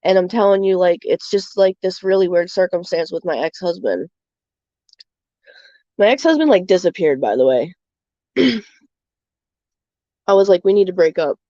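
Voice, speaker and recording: A rambling woman streamer, low-pitched and mellow, talks on with plenty of "like" and "um". Her voice is dry and a little dull, as on a lo-fi stream mic. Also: lively intonation, moderate pace, pauses often, dry recording. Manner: rambling and candid, many fillers. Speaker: livestream host. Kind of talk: casual chat.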